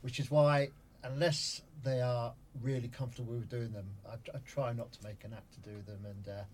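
A man's voice: medium pitch, level tone, fairly quick. A man from southern England who directs theatre, talking earnestly on a radio show, often restarting his sentences. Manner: earnest, repeats himself, many restarts. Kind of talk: casual radio interview. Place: radio studio.

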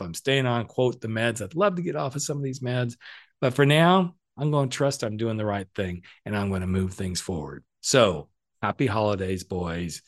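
A middle-aged man hosting a podcast, giving a casual motivational monologue with playful, cheeky asides. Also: fairly low pitch. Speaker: podcast host and coach.

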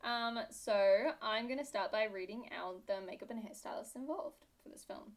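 A young British woman co-hosting a chatty podcast, her accent wandering toward Australian. She talks in a fairly high voice, joking and sarcastic, and breaks into giggles easily. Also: moderate pace. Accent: British English, drifting toward Australian. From Britain. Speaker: podcast co-host. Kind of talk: casual chat.

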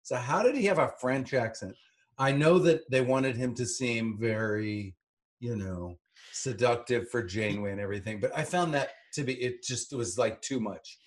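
On a relaxed rewatch podcast, a middle-aged co-host who used to act in the series teases wryly while remembering his time on the show, now and then breaking into playful mock voices. He talks at normal speed with a medium-pitched voice.

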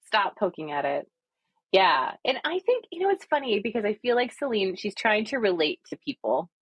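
A woman co-hosting a podcast and chatting casually about a book, talkative and animated. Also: mid-range voice, normal speed, husky, dry recording, dull audio. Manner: chatty, animated, frequent agreeing fillers. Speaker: podcast co-host, audiobook narrator. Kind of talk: casual chat.

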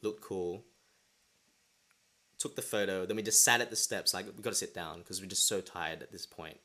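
A man's voice: low voice, normal speed, pushed and bright. A young man hosting a podcast, telling a personal story in a rambling way with many restarts. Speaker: podcast host. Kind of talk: casual chat.

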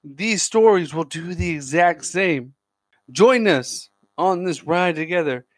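An enthusiastic man hosts his podcast in a chatty solo monologue. His voice sits a little high for a man and often trips into restarts. The sound is close and dry, with no room echo. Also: expressive, slow. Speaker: podcast host.

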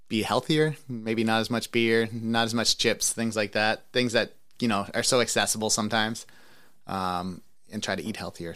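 A man with a very low voice talks loosely and casually as a podcast host. He rambles, stops and restarts, and reaches for words with plenty of fillers. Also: a bit bright. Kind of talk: casual interview chat.

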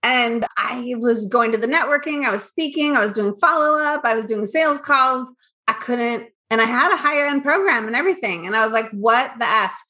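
A woman in her fifties, a business owner from Northern California, telling her story in a candid, animated interview chat. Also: fairly high pitch. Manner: candid and animated, acts out her past thoughts.

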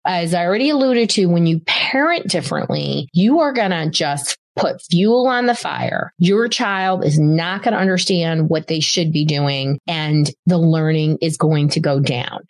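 A woman's voice: deep voice, measured pace, hardly any pauses. A middle-aged woman, a doctor and host, giving casual parenting advice with emphatic repeated words for stress. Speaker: podcast host and child behavior doctor.

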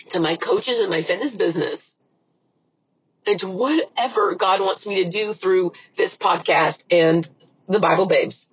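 A woman's voice: mid-range voice, normal speed, slightly rough, muffled recording. A middle-aged woman hosting a faith podcast, talking earnestly through tears and praying aloud. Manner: earnest, emotional, repeats phrases. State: tearful, crying. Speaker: podcast host. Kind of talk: personal faith podcast talk and prayer.

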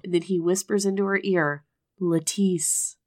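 A woman's voice: medium pitch, moderate pace. A woman in casual chat, recapping a book and acting out its characters' lines in mocking voices. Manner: animated, acts out quotes in mocking voices.

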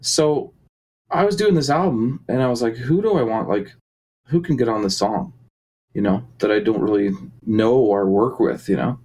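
A man's voice: mid-range voice, normal speed, a little mellow, poor audio. A man talking casually as a musician guest in an interview, rambling with many fillers and restarts. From Canada.

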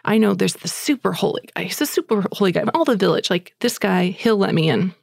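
A woman's voice: mid-range voice, lively intonation, brisk, gravelly, darkish tone, no echo, studio quality. A woman voicing a young peasant boy, earnest and hopeful, in a breathless, eager storytelling cadence. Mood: weary.

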